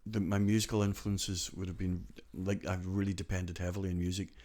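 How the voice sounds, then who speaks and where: A man's voice: low voice, little pitch movement, fairly quick, a little mellow. A man in his sixties with a Glasgow Scottish accent, telling stories as a podcast guest in a rambling way full of "do you know" asides. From born in Glasgow, raised partly in Donegal. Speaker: guest storyteller. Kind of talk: conversational podcast storytelling.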